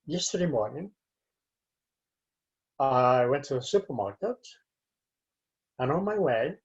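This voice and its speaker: A man with a Chilean Spanish accent giving a university lecture on reading aloud, with frequent fillers and pauses. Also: medium pitch, a little mellow. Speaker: university English teacher. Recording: dull lo-fi sound.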